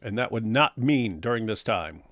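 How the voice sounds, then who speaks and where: A man's voice: fairly low pitch, lively intonation, normal speed, a bit bright, no room sound, studio quality. A middle-aged man co-hosting a casual apologetics live stream, reading viewer comments aloud with sarcasm and laughter. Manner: sarcastic, mocks comments with exaggerated voices and laughs. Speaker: co-host of an apologetics talk stream.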